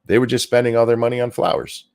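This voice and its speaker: A man's voice: mid-range voice, monotone, quick pace, a little mellow, clean tone. A man co-hosting a casual political talk stream, reading out news items with sarcasm.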